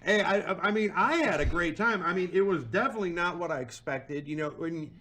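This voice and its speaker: A young adult man hosting a podcast, chatting in an animated, laughing, self-deprecating way. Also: high-pitched, a little fast. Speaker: podcast host. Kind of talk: casual chat.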